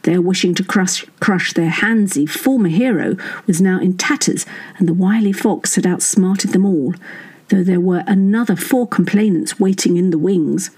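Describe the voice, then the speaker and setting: A woman's voice: on the low side, normal speed, darkish tone, slightly rough, poor audio. A woman narrating a satirical serial story in a wry, dry manner, voicing the dialogue herself.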